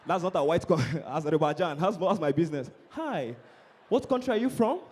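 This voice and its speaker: A man's voice: on the high side, animated, normal speed, darkish tone, husky. A young man from Nigeria with a Nigerian accent, performing live stand-up comedy and teasing the crowd.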